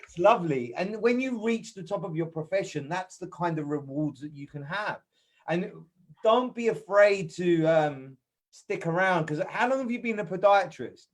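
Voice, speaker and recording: A man's voice: high voice, lively intonation, normal speed. A man hosting an interview over a video call, effusive and full of praise for his guest. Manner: effusive, admiring. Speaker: host, interviewer.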